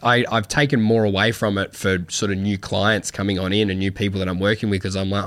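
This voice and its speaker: A man's voice: fairly low pitch, little pitch movement, quick pace. A young man hosting a podcast, chatting casually, rambling with lots of fillers and swearing freely. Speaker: podcast host. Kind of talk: casual chat.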